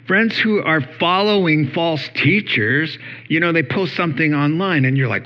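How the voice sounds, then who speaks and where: Male pastor, casual storytelling sermon, gravelly fry, slightly high voice. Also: normal speed, hardly any pauses, lo-fi sound. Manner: conversational, storytelling, many fillers.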